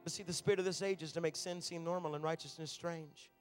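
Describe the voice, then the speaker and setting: A man's voice: on the high side, steady tone, fast talker, faint music behind. A man, a traveling minister, preaching a sermon from a stage in a large room, telling stories in a conversational way.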